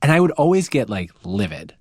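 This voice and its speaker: A man hosting a podcast, telling stories in a lively, casual way and acting out voices he quotes. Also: mid-range voice, brisk, husky, no echo, clean studio sound. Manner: animated storyteller, acts out quoted voices. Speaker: podcast host. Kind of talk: casual chat.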